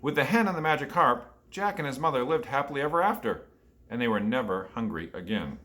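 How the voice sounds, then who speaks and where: A man's voice: mid-range voice, lively intonation, brisk, fairly bright tone. A man reading a picture book aloud to children and asking them questions along the way. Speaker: storyteller for children.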